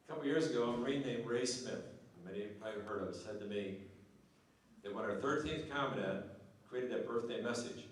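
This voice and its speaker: Folksy male after-dinner speaker spinning a joke; booming hall echo, distant mic. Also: brisk, slight background noise. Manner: folksy, joking storyteller. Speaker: banquet speaker. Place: large banquet hall. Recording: echoey banquet hall from far off.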